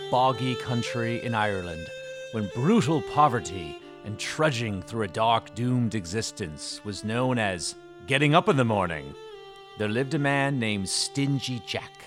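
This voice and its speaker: Comic narrator, male, mid pitch, lively delivery, faint music behind.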